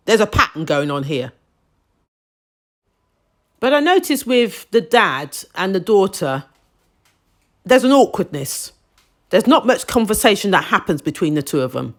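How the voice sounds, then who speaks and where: A woman's voice: medium pitch, sing-song, measured pace, pauses often. A woman giving a casual, opinionated review of a TV drama, with emphatic, indignant asides.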